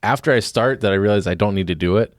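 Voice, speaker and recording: A man's voice: lowish voice, fast, slight background noise. A man hosting a comedy podcast, announcing segments in a wry, self-deprecating way. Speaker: podcast host.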